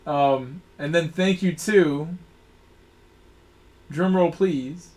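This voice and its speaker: A man's voice: a little high, extremely slow, darkish tone. A man hosting a racing game live stream, casually thanking supporters and reading out long lists of viewer names.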